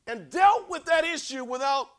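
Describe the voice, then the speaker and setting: A man preaching a sermon, conversational, repeating words for emphasis, dropping to whispers and rising to shouts. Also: very high voice, lively intonation, moderate pace.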